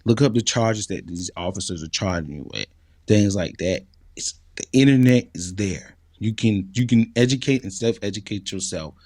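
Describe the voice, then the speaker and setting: A man's voice: on the low side, normal speed, darkish tone, dry recording, clean studio sound. A man talking casually and earnestly in an interview, with many fillers. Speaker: interview guest.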